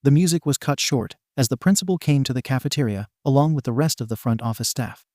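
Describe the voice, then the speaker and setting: Man with a dark, mellow narrating voice. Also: mid-range voice, fast, dry recording, clean studio sound. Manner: wry, playful. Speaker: story narrator. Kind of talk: scripted narration of a fan story.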